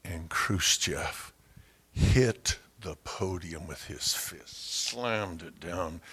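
A low-voiced man preaching from the pulpit, his tone husky and worn. He tells his stories with relish and jumps into loud, high-pitched shouts when he acts out the people in them. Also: extremely slow. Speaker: pastor. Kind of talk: sermon.

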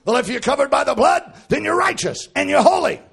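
A man preaching a fervent sermon in church, calling out to the congregation and shouting with rising intensity. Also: extremely high pitch, animated, a little fast, creaky.

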